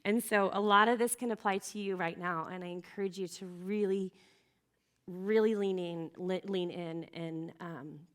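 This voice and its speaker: A woman's voice: lowish voice, fairly even intonation, normal speed, a bit bright, smooth. A woman in her thirties speaking to teenage girls at a youth gathering, sharing her own story in an earnest, chatty way, full of fillers and restarts and close to tears at times. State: emotional. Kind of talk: personal testimony talk.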